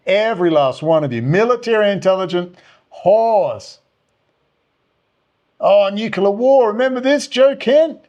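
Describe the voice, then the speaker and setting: A man delivering an angry, profane solo rant as a commentator, sneering, with sudden swings up and down in pitch. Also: lively intonation, a little slow, long pauses, darkish tone, muffled recording. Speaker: political commentator.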